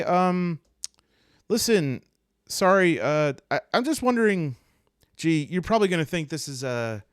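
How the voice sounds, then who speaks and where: A man playing a nervous young hunter, stammering, apologetic, lively pitch. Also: no room sound, clean studio sound.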